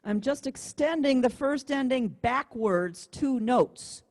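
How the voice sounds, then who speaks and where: Brief: woman music teacher, mellow warm tone, patient and explanatory, on a video-call mic. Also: high-pitched, expressive, takes it slowly. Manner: patient, explanatory, counts beats aloud. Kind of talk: online class instruction. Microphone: computer mic on a video call.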